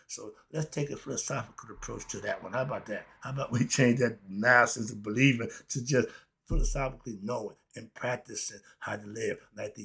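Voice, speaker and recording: A middle-aged man teaching spiritual philosophy, preachy and excitable, firing rhetorical questions at his listeners. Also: mid-range voice, gravelly, husky. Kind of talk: spoken lesson.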